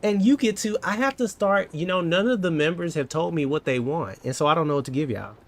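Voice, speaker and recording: This thirty-something coding vlogger sounds a little high, animated and brisk, with no echo in the recording. Chatting casually with his live audience, he jokes and plays around, sometimes tipping into exaggerated theatrics.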